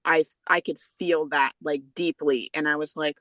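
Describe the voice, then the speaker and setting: A woman author chatting on a podcast, heartfelt and a little halting, with many fillers. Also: sits low, fairly even intonation, fairly bright tone, dry recording, poor audio. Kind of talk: casual podcast chat.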